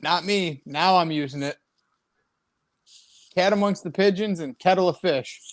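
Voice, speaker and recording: A man who plays in a band appears as a guest on a casual video call, speaking at a measured pace in a voice that sits high. He tells his stories wryly, sounding incredulous, and the recording is dry.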